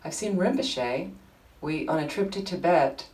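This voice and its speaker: A woman leading a Buddhist study group, telling anecdotes in an informal, animated way. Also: low-pitched, measured pace, distant mic, rough recording. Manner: chatty, animated storytelling with frequent laughter. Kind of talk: informal teaching talk with anecdotes. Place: group meeting room.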